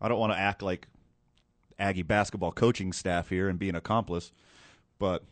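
A man hosting a podcast in casual chat, animated and joking, drifting into asides. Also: sits low, moderate pace, no room sound. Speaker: podcast host.

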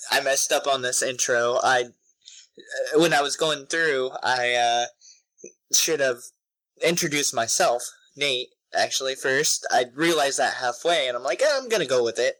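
A man's voice: mid-range voice, normal speed, sharp tone, no echo, low-quality recording. A young man co-hosting a podcast in casual chat, joking and loose, often trailing off with fillers. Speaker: podcast co-host.

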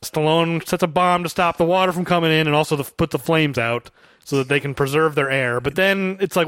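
High-pitched guy riffing on a movie, dry no-room sound, plays out what characters say. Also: fairly quick, clear, resonant tone, no echo. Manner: animated, acts out characters' lines in quotes. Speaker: podcast co-host. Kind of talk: casual movie review chat.

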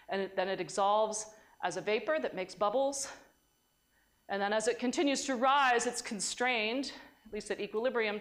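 A woman giving a university science lecture in a conversational way, often restarting her sentences. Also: medium pitch. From United States.

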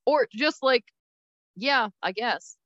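A woman's voice: fairly high pitch, lively intonation, slow pace, a bit bright, no echo. A woman co-hosting a podcast, making wry, joking asides in casual chat. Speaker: podcast co-host. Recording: slightly dull lo-fi sound.

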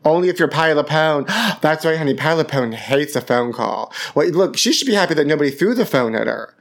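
A man's voice: on the high side, lively intonation, a little fast. A man hosting a gossip podcast from his apartment, theatrical and camp, calling listeners honey. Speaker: podcast host. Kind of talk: campy gossip chat. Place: home apartment. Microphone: podcast microphone.

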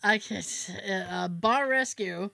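A woman's voice: mid-range voice, slow, creaky, no room sound. A woman co-hosting a podcast in casual chat, telling stories and slipping into voice impressions. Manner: chatty storyteller with lively voice impressions. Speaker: podcast co-host.

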